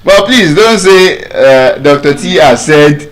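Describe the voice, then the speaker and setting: A man's voice: on the high side, lively intonation, slow pace. A man with a Nigerian accent teaching English pronunciation, drilling words by repeating them. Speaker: pronunciation coach. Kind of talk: spoken English lesson.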